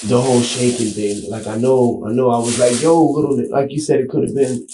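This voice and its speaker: A man being interviewed in a small room, talking in a halting, rambling way full of street slang. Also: mid-range voice, steady tone, background noise. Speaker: interview subject. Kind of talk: police interrogation recording. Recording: echoey room, camera mic.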